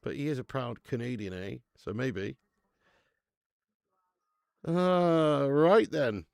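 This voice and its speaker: A man's voice: medium pitch, slow, vocal fry, no echo, studio quality. A man hosting a live football watch-along stream, chatting laddishly with viewers and laughing often. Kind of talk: live stream chat and match commentary.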